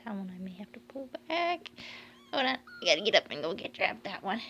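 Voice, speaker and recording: A woman filming her cats at home, talking to them in soft whispers and baby talk, with frequent laughs. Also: mid-range voice, sing-song, normal speed, slight background noise. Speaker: cat owner filming her pets. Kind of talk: casual baby talk to pets. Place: home, indoors.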